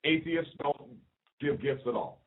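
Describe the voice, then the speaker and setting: A man's voice: on the high side, a little slow. A man co-hosting a political talk radio show, joking and quizzing his partner, often restarting his sentences. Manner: joking, questioning, repeats himself. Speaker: co-host. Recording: tinny phone-like audio.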